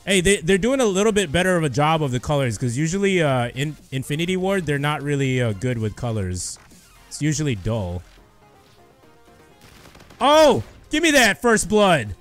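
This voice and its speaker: A young man giving excited live commentary over his own gameplay, shouting and cheering when he gets kills. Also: fairly high pitch, a little fast, faint music behind. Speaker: gaming youtuber.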